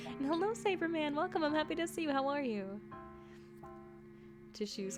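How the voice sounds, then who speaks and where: A woman's voice: fairly high pitch, big pitch swings, moderate pace. A woman casually chatting on a live stream, reading viewers' scary stories and greeting chat with a giggly manner. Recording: music playing behind.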